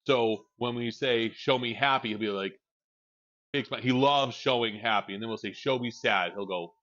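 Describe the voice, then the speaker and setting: A man's voice: mid-range voice, normal speed, a bit bright, lo-fi sound. A man with a young child streams from home, chatting casually in a rambling, frank way and swearing freely into a desk mic. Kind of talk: casual chat while livestreaming.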